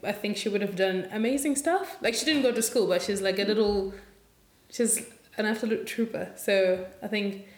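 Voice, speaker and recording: Woman podcast host, reflective and thoughtful, mid pitch, roomy echo. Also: moderate pace, a little mellow. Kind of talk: casual conversation and podcast outro.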